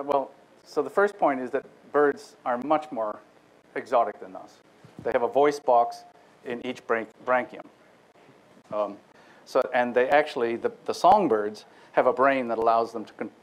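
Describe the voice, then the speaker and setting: Recorded poorly in a lecture room, the medium-pitched lecturer continues his step-by-step technical explanation. He uses his own voice to show how the vowel sounds go.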